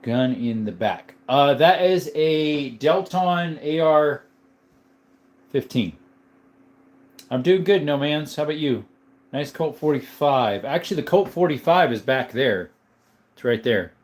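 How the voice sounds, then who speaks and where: A man's voice: a little high, expressive, measured pace, darkish tone. A man hosting a live stream, chatting casually, greeting viewers by name and laughing often. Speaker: livestream host. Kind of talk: casual live chat reading comments.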